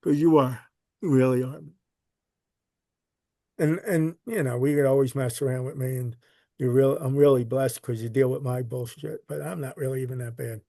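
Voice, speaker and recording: A man's voice: mid-range voice, steady tone, normal speed, gravelly, dark tone, no echo, clean studio sound. A man, a podcast guest telling a long story in a rambling way, repeating words and swearing casually. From Philadelphia. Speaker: podcast guest, recovery literature collector.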